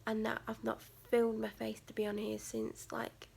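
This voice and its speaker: A woman from England talking casually to her vlog camera, her voice fairly high and heavily gravelly with vocal fry. She rambles, leans on "like" as a filler, and often sinks to a near-whisper. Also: completely flat delivery, moderate pace, few pauses, a little mellow. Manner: rambling, chatty, many "like" fillers. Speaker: vlogger.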